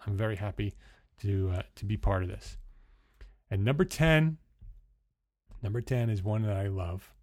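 A man's voice: lowish voice, dry recording. A man from New Jersey with a New Jersey accent, hosting an unscripted instructional talk into a studio microphone, with many fillers and restarts. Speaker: host.

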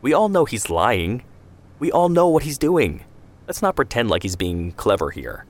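A man's voice: mid-range voice, very animated, normal speed, pitched above the performer's own voice. A man voicing a blunt, scornful young woman. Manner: blunt, mocking.

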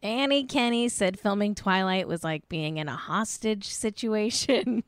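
A woman's voice: mid-range voice, a little slow, smooth, dry recording, clean studio sound. A young adult woman casually hosting a celebrity news stream, chatty and sarcastic, with asides and laughs. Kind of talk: casual chat reading news.

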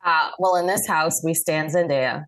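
A woman culture critic talking eagerly on a podcast about a film she is excited for. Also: deep voice, moderate pace. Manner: eager, enthusiastic. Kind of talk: podcast discussion.

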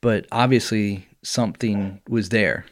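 A man co-hosting a podcast, telling a story in a casual, animated way. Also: lowish voice, a little slow. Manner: animated storyteller, laughs often. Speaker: podcast co-host.

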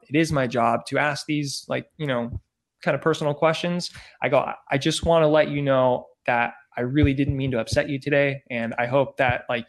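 A man, a podcast guest, casually telling an animated story and acting out the dialogue, peppered with "like" and "I go". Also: mid-range voice. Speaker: podcast guest, former celebrity news field producer.

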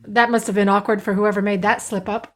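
A woman's voice: mid-range voice, flat delivery, brisk. A woman co-hosting a scripted book podcast, teasing her partner in a dry way. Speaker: podcast co-host.

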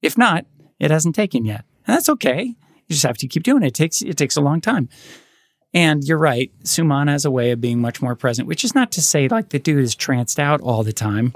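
Reflective man telling gentle stories. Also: on the high side, brisk, no room sound, clean studio sound. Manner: reflective storyteller, gentle and animated in anecdotes. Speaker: podcast co-host. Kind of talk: casual conversation.

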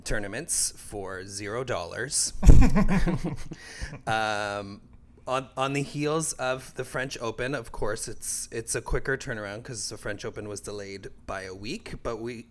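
A man's voice: medium pitch, unhurried. Joking Canadian podcast co-host man. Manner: laughs often, relaxed and joking. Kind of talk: casual chat.

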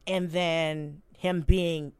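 A woman spins stories in loose, profane podcast chat, her voice smooth and resonant. The sound is dry and close, with no room around it. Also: deep voice, extremely slow, no echo. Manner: animated, profane storytelling. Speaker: comedian guest.

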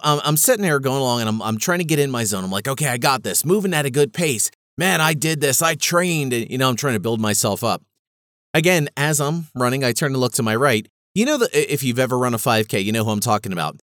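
A man's voice: mid-range voice, a bit bright, dry recording, clean studio sound. A man hosting his own show, telling a story in a casual, self-mocking monologue. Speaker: podcast host.

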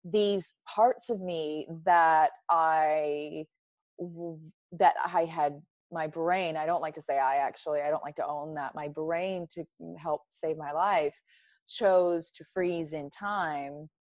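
A woman's voice: low-pitched, steady tone, slow, darkish tone, no room sound, studio quality. A woman speaking candidly as an interview guest, reflective and emphatic, often laughing. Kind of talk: candid personal conversation.

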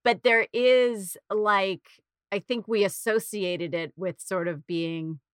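A woman's voice: mid-range voice, steady tone, slow, clean tone, no room sound, studio quality. A woman from Boston co-hosting a podcast, talking casually with lots of fillers and restarts. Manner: rambling, many fillers and restarts. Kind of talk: casual chat.

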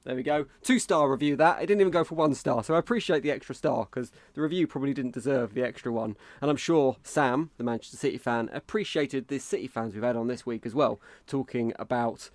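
A man's voice: mid-range voice, a little fast, few pauses, dry recording. A chatty English man hosts a casual football podcast. He reads out listener reviews and runs the show. His voice sounds dry and close to the mic. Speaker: podcast host.

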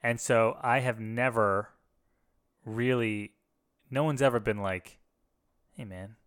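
A man's voice: medium pitch, fairly even intonation, slow pace, fairly bright tone, clean tone. A man, a former pastor, talking candidly and reflectively in a casual conversation, with frequent restarts. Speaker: podcast co-host, former pastor.

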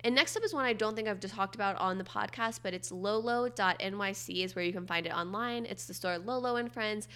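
A woman's voice: mid-range voice, fairly quick, hardly any pauses, pushed and bright, smooth. A young woman with a nasal voice hosting a casual solo podcast, chatting with wry, upbeat asides. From Florida. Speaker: podcast host.

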